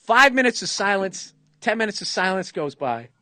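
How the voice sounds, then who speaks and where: A middle-aged man with a Boston accent tells a rambling comic story in casual podcast chat, cursing often and slipping into the voices of the people he describes. His voice sits a little high for a man. The sound is close and dry, with no room around it. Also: moderate pace, dry recording. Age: 50s. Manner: profane, animated storyteller, acts out other people's lines. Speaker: comedian, podcast host.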